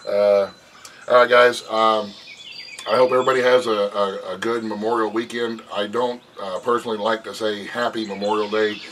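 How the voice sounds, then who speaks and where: A man's voice: on the low side, flat delivery, normal speed, a bit bright, distant mic. A middle-aged man chatting casually on his front porch, folksy and rambling, and he often laughs as he talks. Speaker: vlogger. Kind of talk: casual chat. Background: birds and passing traffic.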